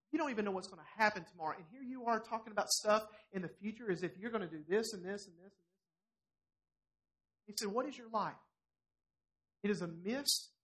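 A middle-aged man preaching a sermon to a congregation in a church, animated and challenging as he voices scripture. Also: high voice. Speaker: pastor.

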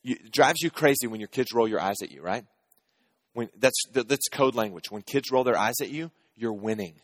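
A pastor in his thirties preaches a sermon, telling family stories in a conversational, humorous way and putting questions to the audience. His voice is on the high side with a fairly bright tone, and the recording is dry.

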